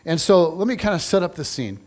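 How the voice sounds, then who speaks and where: A man's voice: high voice, animated, a little fast, darkish tone. A man preaching a casual, conversational sermon, playful and chatty, acting out little scenes. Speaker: pastor.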